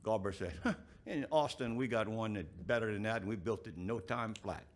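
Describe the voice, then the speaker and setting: A man, the event's emcee, telling a joke in a rambling, halting way and chuckling at his own lines. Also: lowish voice.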